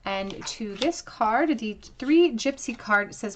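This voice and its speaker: Woman, tarot reader, earnest, reflective, mid-pitched voice, lingers on key phrases. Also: lively intonation, unhurried, a little hiss or hum. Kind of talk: pick-a-card tarot reading.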